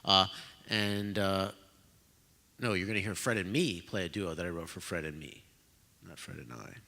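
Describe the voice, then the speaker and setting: Male host, low and bright-toned, self-deprecating, casual, in a concert hall with long reverb. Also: creaky. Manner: self-deprecating, joking, halting with fillers. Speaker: host of a pre-concert talk. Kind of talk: casual live talk to an audience.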